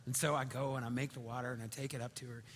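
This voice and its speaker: A man preaching a sermon in a conversational, storytelling way, swinging between loud and hushed. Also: medium pitch, little pitch movement, racing. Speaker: pastor. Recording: reverberant hall.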